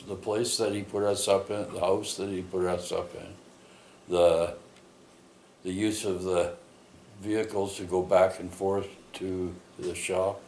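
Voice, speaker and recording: A man's voice: deep voice, darkish tone. A man telling a long personal story in a rambling way, full of fillers and tag questions. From Canada. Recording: echoey room, faint ambient noise.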